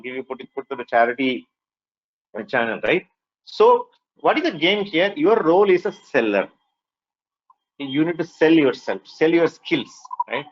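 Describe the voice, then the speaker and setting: A man with an Indian English accent giving a lively classroom lecture, often asking the students "right?" and whether they agree. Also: mid-range voice, muffled recording. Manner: lively, mixes in Hindi phrases. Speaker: workshop instructor.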